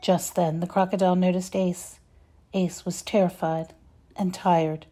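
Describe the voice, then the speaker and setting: A woman reading a children's story aloud, expressive and measured. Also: fairly low pitch. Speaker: reader.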